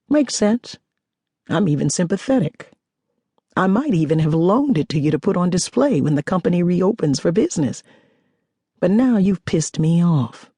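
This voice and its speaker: A woman doing a blunt, hard-edged man in a storybook reading, voice pitched down, husky and warm, talking in a flat dry way that makes his exasperation plain. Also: dry recording, full character voice. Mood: angry. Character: determined male whiskey collector, blunt.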